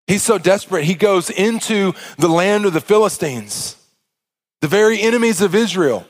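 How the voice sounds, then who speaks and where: A man preaching a sermon as pastor, impassioned, with stammering restarts and swings from hushed to loud. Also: high-pitched, lively intonation, moderate pace.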